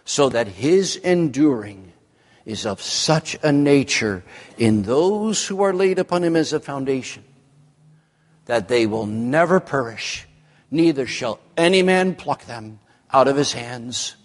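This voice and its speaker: A man preaching an evening sermon to a congregation, with a slow, emphatic delivery. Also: mid-range voice, lively intonation, big-room sound.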